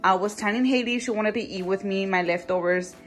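A woman in her late twenties talking casually to her viewers as a vlogger, chatty and excitable, swearing often. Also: medium pitch, brisk, faint music behind. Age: late 20s. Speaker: vlogger, boutique owner. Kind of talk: casual vlog chat.

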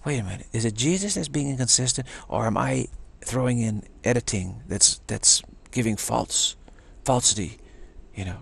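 A man speaks in a gravelly, slightly husky voice of ordinary pitch. He muses through a reflective spiritual talk, doubling back on his words. Now and then he slips into the voices of the people he quotes. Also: animated, normal speed, a bit bright. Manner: rambling, repeats words, acts out quoted voices.

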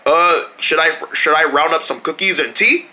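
A performer doing a formal male butler in a cartoon skit. He speaks in a lowered, polite, stiff way, always deferring to his master. The tone stays bright. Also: normal speed.

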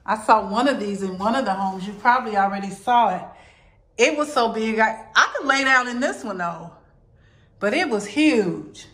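A woman's voice: a little high, expressive, moderate pace, a bit bright. A woman giving a casual, chatty tour of a modular home, somewhat out of breath, recorded on a handheld phone indoors. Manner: chatty, repeats "really lovely". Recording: echoey empty rooms.

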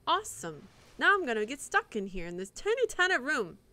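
A woman's voice: sits high, wildly swooping pitch, a little fast, pushed and bright, no echo. A woman streaming live gameplay commentary, muttering and swearing in frustration at the game as she plays.

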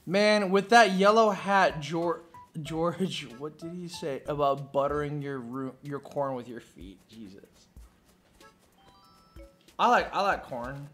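High-voiced man, swearing, laughing game streamer. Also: slow pace, faint music behind. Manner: profane, laughing, animated storytelling. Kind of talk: casual chat while live streaming a game. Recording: roomy echo.

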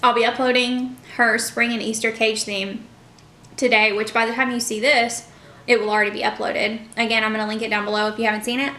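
A woman's voice: on the high side, flat delivery, brisk, bright, forceful tone, echoey room. A young woman chatting casually to her viewers in a mukbang vlog, full of fillers like "like" and "you know". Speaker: vlogger. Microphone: camera mic.

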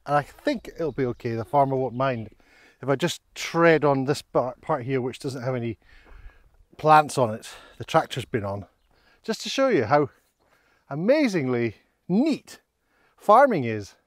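A man's voice: medium pitch, animated, moderate pace, no echo, studio quality. A man narrating a casual walking vlog outdoors in open countryside, chatty and rambling, a little out of breath on the climbs. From Scotland. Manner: chatty, rambling, self-deprecating. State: out of breath on an incline. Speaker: vlogger on a countryside hike.

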